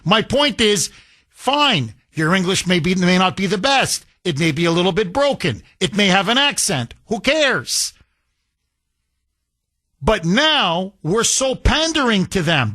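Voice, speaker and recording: Combative high-voiced talk radio host. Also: male voice, lively intonation, normal speed, pushed and bright. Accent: slight foreign accent. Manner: combative, incredulous, rhetorical questions. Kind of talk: opinionated talk radio monologue.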